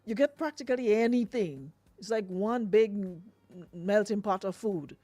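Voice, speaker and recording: A woman's voice: mid-range voice, normal speed, warm tone, no room sound. A Grenadian woman hosting a radio show, chatting casually with lots of fillers and laughs. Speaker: radio host.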